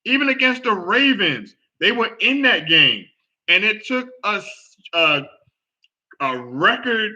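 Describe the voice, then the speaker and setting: A man hosting a casual football talk show, reacting out loud with groans and exclamations as he watches a game. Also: high voice, lo-fi sound. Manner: animated, exclaims and groans at plays. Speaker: sports podcast host.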